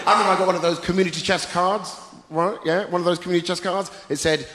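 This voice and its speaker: A man hosting a live stand-up show, with a punchy, theatrical delivery and shouted greetings to the crowd. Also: sits high, fairly even intonation, fast, hardly any pauses. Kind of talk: stand-up comedy set. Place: large theatre stage before a live audience. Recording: roomy theatre reverb, loud audience noise.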